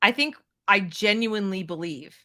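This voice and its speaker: A middle-aged American woman hosting an opinionated commentary show, talking in an animated, sarcastic way and reading out viewer comments. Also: mid-range voice, moderate pace. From United States. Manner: animated, sarcastic, mimics people in mocking voices. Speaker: show host.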